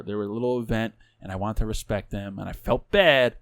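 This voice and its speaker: A man's voice: fairly low pitch, fast, dry recording. Casual podcast host, New man, swears freely, dry mic. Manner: animated, profane storyteller. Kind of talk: casual storytelling chat.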